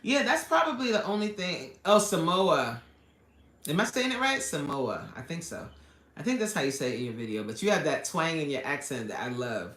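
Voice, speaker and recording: Speaking in a low voice at a steady, moderate clip, this woman is a life coach from the US East Coast hosting a relaxed live stream. She reads out comments from viewers, laughs frequently, and now and then says "amen" like a preacher, all in a roomy-sounding space and an expressive manner.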